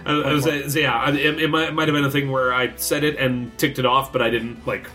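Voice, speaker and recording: A man's voice: mid-range voice, level tone, brisk, sharp tone, faint music behind. A man running a tabletop card game, narrating the action cinematically and laughing often. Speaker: game master.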